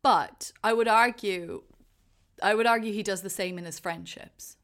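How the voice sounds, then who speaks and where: Animated woman chatting about a film. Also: medium pitch, moderate pace. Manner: animated, acts out quotes with rising excitement. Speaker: podcast co-host. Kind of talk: casual chat about a film.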